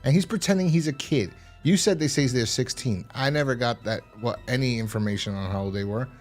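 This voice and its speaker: A man's voice: fairly quick, soft background music. A young man hosting a casual podcast review, rambling and swearing, acting out scenes. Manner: rambling, profane, acts out scenes in high voices. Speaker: podcast host.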